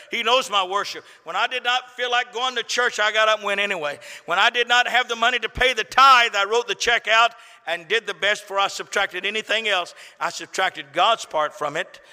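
Bright-voiced preacher in an echoey hall. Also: male voice, a little high. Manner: folksy storytelling, building to impassioned peaks. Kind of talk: sermon. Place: church.

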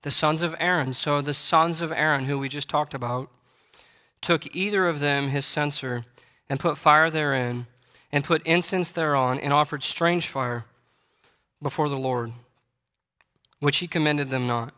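At a measured pace, a man with a high-leaning, pushed and bright voice preaches in a church sanctuary. He reads King James scripture and climbs to emphatic, repeated declarations, the sound trailing in long hall reverb.

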